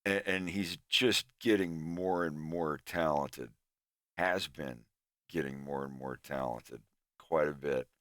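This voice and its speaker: Floridian streamer with a Southern drawl, slow and rambling, bright tone, dry sound. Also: male voice, a bass voice, fairly even intonation, no room sound. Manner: rambling, restarts often, laughs easily. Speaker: animator and streamer. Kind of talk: casual stream chat.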